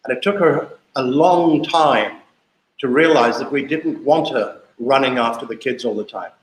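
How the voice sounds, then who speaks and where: An older South African man in his sixties, the guest in a casual storytelling interview, speaks at a moderate pace in a mid-range voice. He's chatty and anecdotal and repeats himself, and the roomy space gives the recording an echo.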